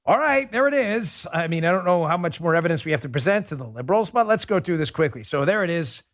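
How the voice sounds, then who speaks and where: A man's voice: fairly high pitch, expressive, quick pace, dry recording, clean studio sound. A man hosting a political commentary show, delivering a sarcastic, mocking opinion monologue.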